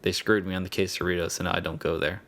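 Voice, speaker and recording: A man's voice: low-pitched, little pitch movement, quick pace, a bit bright. A young man hosting his own podcast, rambling in a casual, profane and self-mocking way. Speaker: podcast host.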